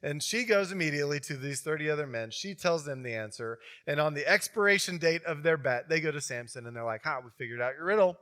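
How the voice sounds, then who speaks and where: A male pastor preaching in a loose, conversational style, voice bright and forceful, pitched slightly high. He tells the story with lively, animated asides. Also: fast, few pauses, clean tone. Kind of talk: sermon.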